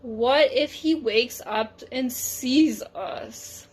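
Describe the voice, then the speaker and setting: A woman's voice: fairly high pitch, very slow, breathy edge, full character voice. A woman voicing a cautious, worried sheep in a read-aloud storybook, speaking carefully.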